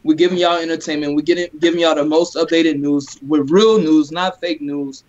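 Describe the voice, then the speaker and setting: A man's voice: a little high, fairly even intonation, fairly quick. Eager co-host man on dull lo-fi audio. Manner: eager shout-out roll call. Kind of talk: casual sports talk stream.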